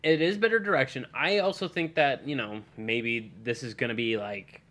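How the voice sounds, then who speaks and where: A man's voice: medium pitch, moderate pace, fairly bright tone. A man co-hosting a casual podcast chat, loose and profane, trailing off and laughing. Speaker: podcast co-host.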